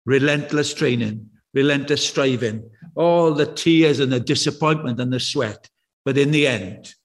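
An older man preaching a sermon, chatty and anecdotal, slowing down to repeat key words with emphasis and dropping in wry, self-deprecating asides. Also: mid-range voice. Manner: conversational and anecdotal, with slow emphatic repetition.

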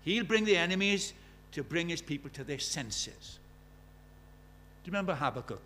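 A man's voice: a little high, animated, moderate pace, bright, forceful tone, a little hiss or hum. A man preaching a sermon in a conversational way, asking the congregation many questions and reciting scripture with rising force.

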